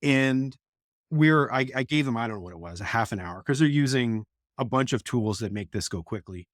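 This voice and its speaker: With lively intonation and a moderate pace, a medium-pitched middle-aged man, an education professor, shares frank, blunt stories from his classes. He is a guest in a casual, conversational interview recorded at studio quality, with no room sound.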